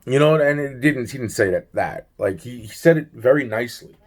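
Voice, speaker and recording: A man's voice: medium pitch, lively intonation, fairly quick. A man telling a long personal story in a rambling, repetitive way, swearing freely and trailing off into fillers. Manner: rambling, repetitive, full of "you know" and "blah blah blah", swears freely. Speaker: vlogger. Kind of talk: casual rambling storytelling to camera.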